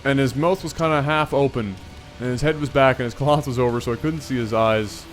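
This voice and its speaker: Animated storytelling man, faint music. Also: medium pitch, brisk. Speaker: storytelling video host. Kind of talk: casual storytelling vlog.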